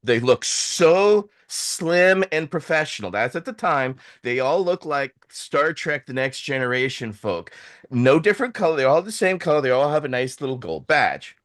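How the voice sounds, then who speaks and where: A man hosting a show, telling a long story in a casual, animated way, acting out the voices of people he quotes. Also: fairly high pitch, normal speed. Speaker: host.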